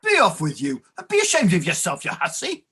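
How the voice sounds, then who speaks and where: A woman's voice: on the low side, wildly swooping pitch, a little fast, a bit bright, breathy edge, heavily acted. A woman doing an old blustering male clerk. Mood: indignant. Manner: outraged then fawning, sputtering. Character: blustering elderly male clerk Mercer, indignant. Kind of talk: amateur play reading.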